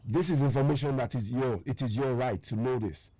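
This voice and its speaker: This is an impassioned live-stream address from a Nigerian host whose mid-range voice is brisk and dark-toned, recorded with no room sound. He urges his audience with relentless repetition, his voice tired and strained. He also reads viewers' names aloud and answers their comments.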